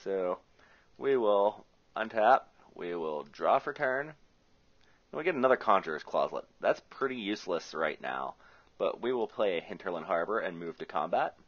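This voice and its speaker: In a muffled lo-fi recording, a man from the US Rust Belt chats and jokes through his own Magic match, working out his plays aloud. His voice sits low with a fairly bright tone, lively intonation, and normal speed.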